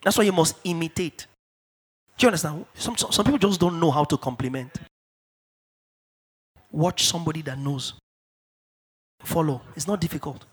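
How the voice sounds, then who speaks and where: A middle-aged man from Africa preaching a sermon in church, emphatic and repetitive, dropping to hushed asides and rising to shouted declarations. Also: a little high, normal speed, pauses often, slightly rough. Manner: repeats key phrases for stress. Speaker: pastor.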